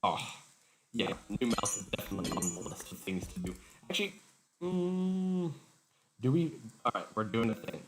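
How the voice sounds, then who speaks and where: Low-voiced male streamer, sarcastic and self-mocking, garbled robotic sound, noisy glitchy home mic. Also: big pitch swings, moderate pace. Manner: joking, sarcastic self-mockery. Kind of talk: casual livestream chat. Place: home room. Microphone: faulty desk microphone.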